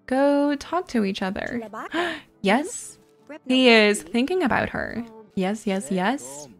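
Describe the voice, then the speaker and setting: A woman hosting a gaming video, reacting to the game in excitable, giggly casual commentary. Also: fairly high pitch, slow, creaky, soft background music. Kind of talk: casual let's-play commentary.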